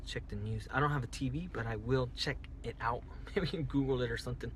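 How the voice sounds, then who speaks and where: A man tells a story into his phone on a casual livestream. His voice is bright and sits at a middle pitch. He rambles, repeats himself and keeps restarting his sentences. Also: steady tone, normal speed, slight background noise. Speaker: livestreaming driver. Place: parked car at night.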